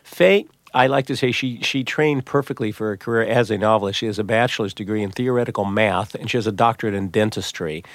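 A middle-aged man, a novelist and psychologist, telling stories in an interview with lively restarts and repeats. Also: on the low side, fast, few pauses, no room sound. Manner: animated storyteller, many restarts and repeats. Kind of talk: conversational interview.

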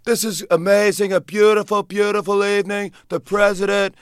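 A man doing an impression of a blustering older TV-mogul man who speaks in drawn-out superlatives. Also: high-pitched, flat delivery, clear, resonant tone, no room sound, studio quality, pitched above the performer's own voice, lightly acted. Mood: boastful.

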